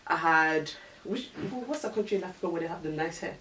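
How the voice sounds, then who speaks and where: A woman's voice: low voice, quick pace, fairly bright tone, echoey room, distant mic, slight background noise, poor audio. A young woman talking in a laid-back, joking way in a casual group chat.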